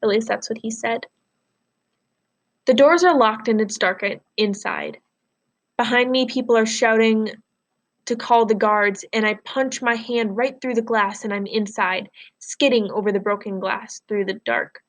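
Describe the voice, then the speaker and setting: A woman teacher reading a novel aloud to her class, pausing to explain words and ask questions. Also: on the high side.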